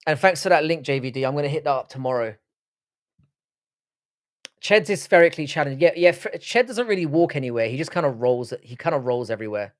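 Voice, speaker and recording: A man's voice: fairly high pitch, animated, a little fast. A man with a London accent hosting a live stream, chatting casually, reading the chat aloud and trading crude banter. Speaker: livestream host.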